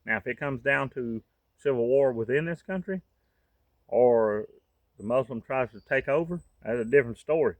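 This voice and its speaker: A man's voice: mid-range voice, moderate pace, no echo. A man, from the United States, giving a fervent, folksy monologue to camera as a vlogger.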